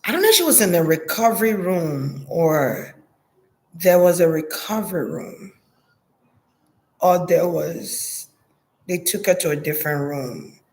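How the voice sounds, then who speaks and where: A woman's voice: lowish voice, expressive, measured pace, pauses often, darkish tone. A woman giving a psychic reading in a hesitant, murmuring way, repeating words and trailing off. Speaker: psychic reader. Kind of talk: intuitive reading monologue.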